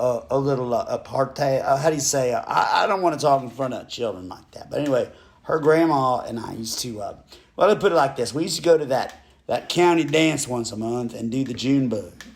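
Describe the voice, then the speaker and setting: A male storyteller spinning a fairy tale into a loose, comic yarn. He wanders off into digressions and tosses in jokes, in a voice of ordinary middle pitch. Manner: rambling, digressive, joking asides.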